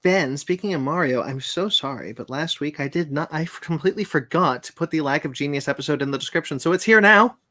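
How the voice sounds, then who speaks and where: A man hosting a relaxed podcast chat, his voice a touch high for a man. He gushes happily, giggles often and steers the talk from one segment to the next. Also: fast talker, hardly any pauses. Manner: enthusiastic, giggly, runs the segments. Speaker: podcast host. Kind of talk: casual chat.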